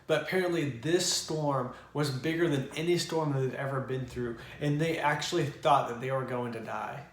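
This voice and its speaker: A young male youth pastor talks through a Bible story in a relaxed, conversational way, with plenty of easy fillers. His voice sits in a middle pitch and carries a noticeable room echo. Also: normal speed. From Oklahoma. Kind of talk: casual Bible devotional.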